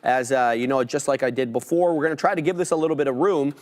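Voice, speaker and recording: A man's voice: mid-range voice, fairly even intonation, quick pace. A man co-hosting a live trading stream who talks slangy and calls people bro. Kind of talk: live market commentary.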